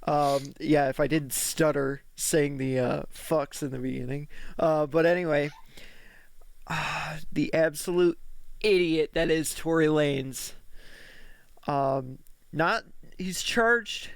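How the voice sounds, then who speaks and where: A man's voice: on the high side, fairly even intonation, slow pace, gravelly, clean tone, no room sound. A man co-hosting a podcast, chatting casually and telling loose, profane stories full of filler words. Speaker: podcast co-host. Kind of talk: casual chat.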